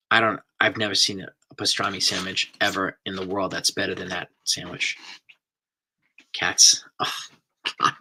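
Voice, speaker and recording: A middle-aged man, his voice low and sharply bright. He chats loosely with live viewers. He rambles and gets excited as he talks. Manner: chatty, rambling, enthusiastic about food. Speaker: host reading live chat. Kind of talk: casual live-stream chat.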